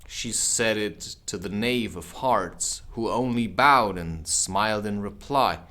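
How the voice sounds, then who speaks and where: A man reading a children's classic aloud as an audiobook, with casual asides. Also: on the low side. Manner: unhurried, expressive, drops in casual asides. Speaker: audiobook reader. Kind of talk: audiobook narration.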